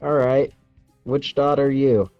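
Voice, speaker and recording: A man's voice: mid-range voice, steady tone, slow pace, no room sound, highs cut off, faint music behind. A man voicing a composed, laid-back male adventurer in a casual way. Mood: relaxed.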